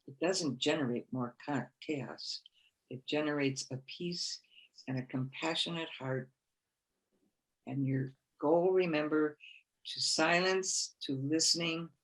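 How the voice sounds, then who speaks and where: A woman speaker giving a reflective spiritual talk, gentle and encouraging, often repeating phrases for emphasis. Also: deep voice, poor audio. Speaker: conference speaker.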